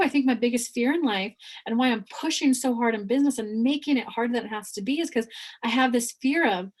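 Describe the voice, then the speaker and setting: A woman giving a spiritual reading as a psychic medium, animated and acting out quoted voices in her own voice. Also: on the high side, quick pace.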